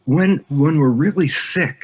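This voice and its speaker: Speaking at a measured pace with a slightly rough, somewhat high voice, a guest in an interview lays out his ideas with emphasis. When he tells stories, he animatedly plays both parties in the conversation.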